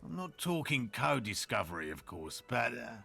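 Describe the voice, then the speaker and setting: A feverish, apologetic scientist in a game: crackly, bright tone, lively pitch, coughing. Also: male voice, moderate pace, vocal fry, faint music behind, heavily acted. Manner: polite, hesitant, rambling. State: sick, coughing. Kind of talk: video game voice acting.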